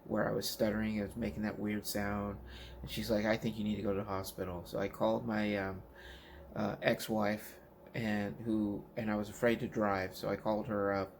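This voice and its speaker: A man from Washington State telling his personal story in a vlog, halting with many fillers and restarts, at home in his living room. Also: lowish voice, flat delivery, creaky, slight background noise. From Washington State, United States. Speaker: vlogger.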